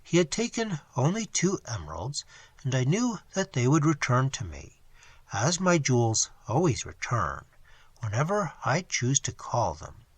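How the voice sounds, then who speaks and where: A man's voice: medium pitch, wildly swooping pitch, a little slow, slightly rough, dry recording, exaggerated voice. A man voicing a thick, loathsome toad monster. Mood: gloating. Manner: unctuous, mocking. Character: huge pale squat toad-like cavern monster, gloating.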